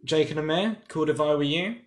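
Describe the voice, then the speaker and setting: A young man co-hosting a podcast in casual chat, blunt and sweary with quick retorts. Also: fairly high pitch. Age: young adult. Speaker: podcast co-host.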